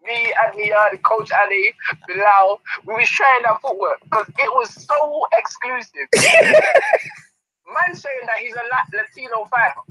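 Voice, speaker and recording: Bright, laughing man. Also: very high voice, a little slow, breathy edge, low-quality recording. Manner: laughing, animated storytelling. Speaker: boxing trainer. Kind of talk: casual interview chat.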